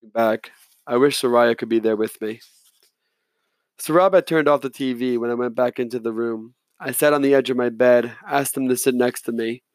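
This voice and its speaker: A man narrating a novel in the first person, reading in a measured, quiet way. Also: medium pitch, steady tone, no room sound. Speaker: audiobook narrator.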